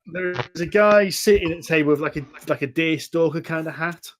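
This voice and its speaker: A man's voice: a little high, brisk. A man narrating as game master, describing scenes with lots of restarts. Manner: rambling, self-correcting description. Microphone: home mic on a voice call.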